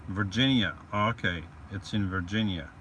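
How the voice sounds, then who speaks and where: A man's voice: fairly low pitch, normal speed, a bit bright, a little hiss or hum. A man hosting a casual livestream from his van, reading out viewer greetings and rambling with jokes. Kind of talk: casual live-stream chat. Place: van or vehicle.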